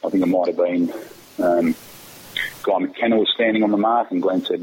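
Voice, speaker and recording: A man's voice: sits low, steady tone, normal speed, darkish tone, breathy edge, rough recording. A middle-aged Australian man, a former footballer, casually telling a rambling story full of fillers and restarts. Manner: rambling, laughs often, many fillers and restarts.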